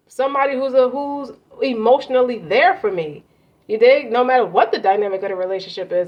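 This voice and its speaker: With a fairly high pitch and brisk delivery, a woman reads tarot cards casually, her speech loose, slangy, and full of swearing. It's captured on muffled lo-fi audio with a faint layer of noise.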